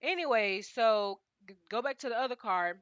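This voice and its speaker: Bright-voiced woman ranting bluntly. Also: fairly high pitch, expressive, moderate pace, clean tone, dry recording, muffled recording. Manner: blunt, profane, exasperated. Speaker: reality TV recap host. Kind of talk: casual TV recap rant.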